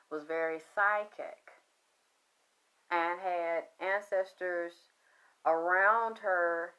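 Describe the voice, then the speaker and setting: A woman telling a story in a loud, profane, excitable monologue, acting out the voices she quotes. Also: lowish voice, clean tone, highs cut off. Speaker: spiritual commentator.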